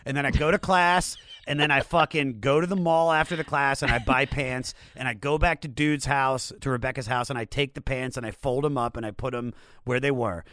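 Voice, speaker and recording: A male podcast host telling a rambling story in casual, profane chat. His voice sits at an ordinary middle pitch. The sound is dry and close, with no room around it. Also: steady tone, fairly quick, few pauses, fairly bright tone, no echo.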